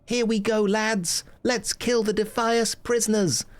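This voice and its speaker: A man putting on an eager, posh young chap in a very high, plummy, excitable voice. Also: a little slow. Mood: jolly.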